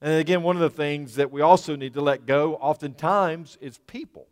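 A man delivering a sermon in a smooth, resonant voice pitched a little high. He preaches earnestly, repeating key words for emphasis. His voice rings with a long reverb, as if in a church hall. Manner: earnest, repetitive preaching with restarts and emphatic pauses. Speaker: pastor.

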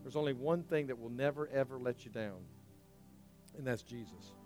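A male pastor preaching a sermon, swinging from near shouts down to quiet, intimate asides, with organ-like music underneath. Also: mid-range voice, moderate pace. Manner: impassioned, rising to near shouts then dropping to quiet intimacy.

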